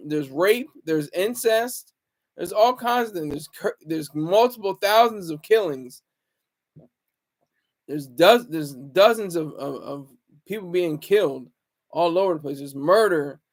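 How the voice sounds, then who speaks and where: A man talking in a casual, rambling monologue, often restarting his sentences and chuckling to himself. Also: sits high. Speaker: vlogger.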